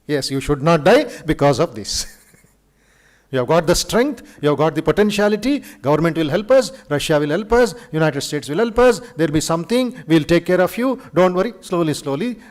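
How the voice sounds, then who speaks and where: Animated Indian monk lecturing, high voice. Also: male voice, moderate pace. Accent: Indian English. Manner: animated storyteller, acts out quoted speech, chuckles. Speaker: monk giving an inaugural lecture. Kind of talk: spiritual lecture to students. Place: university auditorium.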